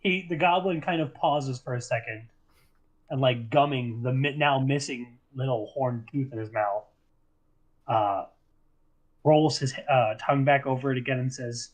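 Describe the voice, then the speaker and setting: Male game master, mid-pitched, easygoing scene narration. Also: poor audio. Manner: descriptive, unhurried narration with fillers.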